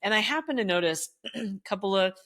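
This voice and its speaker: A middle-aged woman and former teacher telling stories in a casual interview, animated and acting out the voices of the people she quotes. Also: mid-range voice, a little fast. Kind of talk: storytelling in casual conversation.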